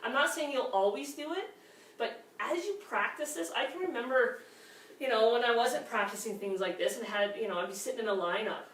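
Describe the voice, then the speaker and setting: A woman's voice: fairly high pitch, fairly quick, fairly bright tone, a little hiss or hum. A woman from Canada teaching a class, talking in a conversational way with frequent check-ins to her listeners. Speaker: workshop instructor. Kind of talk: class lecture on anger management. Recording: echoey room, distant mic, faint ambience.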